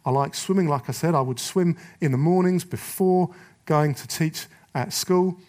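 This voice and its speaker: A man's voice: fairly high pitch, moderate pace. Fiery male preacher. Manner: forceful, rallying, acts out quotes with voices. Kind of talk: sermon to men.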